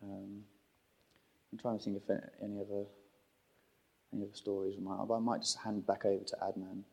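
Low gravelly man, hesitant. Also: completely flat delivery, brisk, mellow, rough recording.

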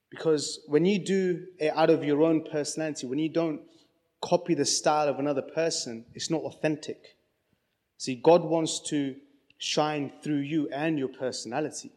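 A man speaks to a congregation in an easy, chatty way, stopping and restarting as he tells stories. His voice sits fairly high. A long reverb rings around him in the hall. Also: a little mellow. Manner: chatty, storytelling, many restarts. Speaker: church speaker. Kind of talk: casual sermon talk with anecdotes.

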